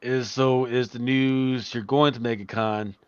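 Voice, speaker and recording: A man hosting a casual livestream chat, talking in a relaxed, rambling way that often trails off. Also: mid-range voice, a little slow, smooth, no echo. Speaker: host. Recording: dry, dull lo-fi sound.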